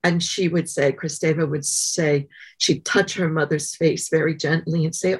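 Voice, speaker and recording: A woman's voice: low voice, fairly even intonation, moderate pace, slightly rough. A woman being interviewed as an author, telling stories thoughtfully, with fillers. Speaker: guest author. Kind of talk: interview conversation.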